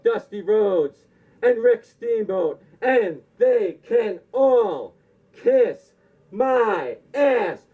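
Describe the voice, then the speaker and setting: Guy voicing a cocky wrestling champ, high and defiant, muffled lo-fi audio. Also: heavily acted. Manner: proclaiming, defiant. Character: boastful male wrestling champion cutting a promo. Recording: dull lo-fi recording.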